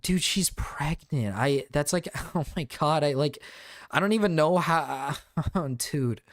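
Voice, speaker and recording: Excitable stammering male streamer, dry sound. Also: a little high, measured pace, no room sound. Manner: excitable, stammering, swears often. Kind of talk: live reaction stream.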